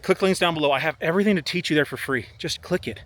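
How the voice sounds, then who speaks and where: A young options trader and vlogger chats to the camera outdoors on a golf course, relaxed and talkative, sprinkling in "like" and "man" a lot. He is slightly out of breath. His voice is a little high and quick, with slight background noise.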